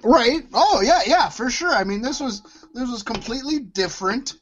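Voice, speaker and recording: A man's voice: very high-pitched, expressive, moderate pace. A man co-hosting a wrestling podcast, chatting casually and bluntly, with frequent swearing. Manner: opinionated, swears, restarts sentences. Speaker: podcast co-host. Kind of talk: casual chat.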